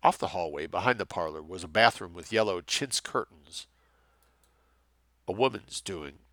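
A man reading a thriller aloud with steady, measured narration. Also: sits low, dry recording. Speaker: audiobook narrator. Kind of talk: scripted narration.

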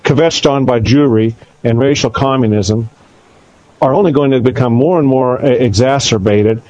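A male radio co-host giving commentary in a halting way, with many filler pauses. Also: medium pitch, darkish tone, lo-fi sound.

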